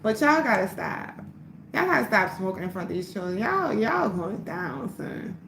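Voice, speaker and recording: A woman on a livestream telling a story in a casual, animated way, full of swearing, her voice swinging between loud and hushed. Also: medium pitch, normal speed, gravelly. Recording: roomy echo, faint background hum.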